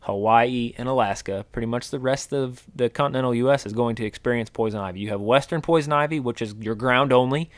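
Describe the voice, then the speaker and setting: A middle-aged man talks through an outdoors topic on a podcast. His pitch sits in a middle range, and he explains at length with plenty of restarts and fillers. The recording is dry and close. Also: fast, few pauses, no echo. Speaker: podcast co-host, wildlife biologist. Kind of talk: casual podcast chat.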